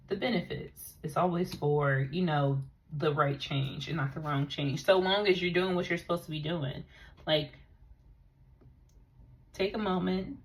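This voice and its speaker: A woman with a fairly low voice giving an intuitive tarot reading. She speaks earnestly and with emotion, leaning on casual fillers as she goes. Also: poor audio. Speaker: tarot reader.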